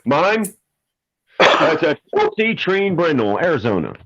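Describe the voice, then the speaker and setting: A man's voice: on the high side, sing-song, unhurried, a bit bright, a little hiss or hum. Brash, joking man, muffled audio. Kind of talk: casual chat.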